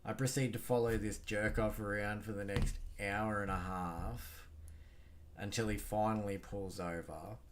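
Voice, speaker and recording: A man's voice: low voice, a little hiss or hum. An Australian man hosting a solo podcast, talking bluntly and rambling with lots of swearing and fillers. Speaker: podcast host. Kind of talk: casual solo podcast monologue.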